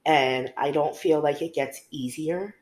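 A woman's voice: low voice, unhurried, a little mellow. Young woman podcaster, candid and chatty, echoey room. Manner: candid storytelling, many fillers. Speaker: podcast co-host. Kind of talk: casual conversation. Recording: roomy echo.

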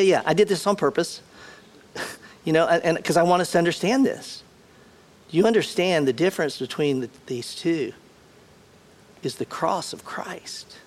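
Conversational preacher man, fairly high voice. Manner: conversational, repetitive, questions the congregation. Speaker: pastor. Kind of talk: sermon.

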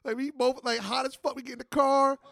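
Fast-talking gravelly New man. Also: extremely high pitch. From New Jersey. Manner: animated, profane street-slang storytelling. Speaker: podcast host. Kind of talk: casual storytelling chat.

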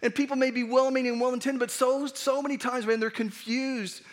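A man's voice: very high-pitched, level tone, quick pace. A man preaching a sermon as pastor, conversational and earnest, often restarting his sentences. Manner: conversational, earnest, with frequent restarts and acted asides.

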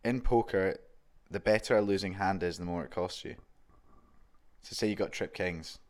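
A man's voice: low-pitched, normal speed. A young man, co-hosting a casual podcast chat and joking around. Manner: laid-back, joking, puts on silly voices. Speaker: podcast co-host.

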